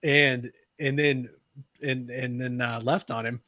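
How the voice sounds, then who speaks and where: A middle-aged man co-hosting a casual racing talk show, rambling and repeating himself with excitement. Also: medium pitch, slow pace, no echo, clean studio sound. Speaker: co-host.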